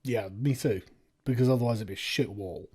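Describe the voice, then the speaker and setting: A man's voice: medium pitch, a little fast, darkish tone, slight background noise. A man hosting a reaction commentary, ranting in a sarcastic, profane way. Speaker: commentary video host.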